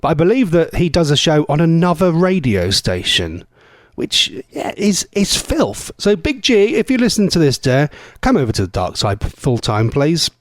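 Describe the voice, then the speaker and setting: Lively chatty male radio host. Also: fairly high pitch, normal speed, dry recording, clean studio sound. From England. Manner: chatty, rambling, self-mocking. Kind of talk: casual radio chat. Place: radio studio. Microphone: studio mic.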